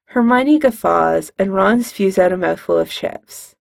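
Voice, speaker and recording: Woman narrator, wry conversational reading, gravelly, husky, dry close sound. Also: mid-range voice, measured pace, few pauses, no room sound. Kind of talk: fan fiction audiobook reading.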